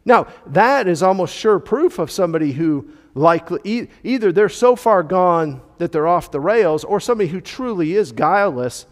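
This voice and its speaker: Slightly high man teaching in a reverberant hall. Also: lively intonation, normal speed, hardly any pauses. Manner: explanatory, stressing key words, frequent fillers. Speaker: Bible study teacher. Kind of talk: teaching a church Bible class. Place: church classroom.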